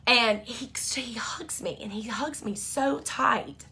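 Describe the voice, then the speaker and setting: A woman's voice: fairly high pitch, takes it slowly, gravelly, sharp tone, a little hiss or hum. A woman, chatting to camera about her family in a rambling, filler-heavy way. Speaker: vlogger and mom. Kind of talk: casual storytelling to camera.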